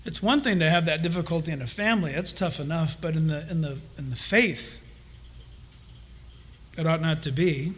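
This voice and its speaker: Brief: man preaching a Bible teaching, lively and questioning, high bright voice. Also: normal speed. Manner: animated, asks the congregation questions, acts out quoted voices. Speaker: pastor. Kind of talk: expository sermon.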